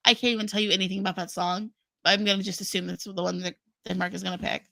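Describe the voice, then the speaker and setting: A woman co-hosting a casual livestream, joking wryly and filling pauses with "um" and "like". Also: mid-range voice, little pitch movement, vocal fry, bright, forceful tone. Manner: wry, joking, many "um" and "like". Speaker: co-host of a livestream. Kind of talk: casual chat.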